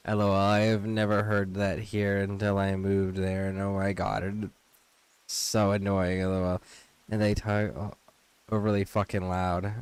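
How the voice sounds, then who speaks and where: A man's voice: lowish voice, monotone, unhurried, a little mellow, clear, resonant tone, no room sound. A man streaming a video game, reading menus aloud and chatting loosely with casual profanity. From United States. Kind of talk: casual gameplay commentary.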